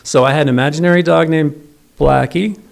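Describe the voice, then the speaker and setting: A man's voice: on the high side, a little fast, gravelly. A middle-aged man giving a eulogy for his father, telling wry, self-deprecating stories at a memorial service. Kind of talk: memorial eulogy with humorous anecdotes.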